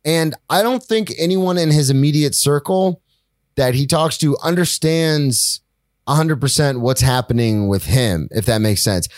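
A man's voice: on the high side, a little slow, dry recording, studio quality. A young man co-hosting a casual sports podcast, rambling and jokey, swearing freely. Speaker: podcast co-host.

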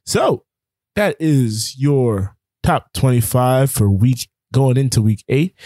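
A sports podcast co-host with a medium-pitched, warm voice and lively intonation goes through rankings and scores on a casual talk show. He takes it slowly, rambling and leaning on lots of fillers, and the studio sound is clean with no room echo.

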